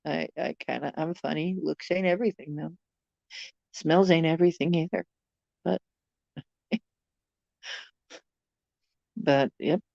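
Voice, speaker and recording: A woman's voice: sits low, slow pace, gravelly, long pauses, a little mellow, no echo, lo-fi sound. A woman hosting a livestream, chatting casually with viewers in a rambling, joking, self-deprecating way. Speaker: livestream host.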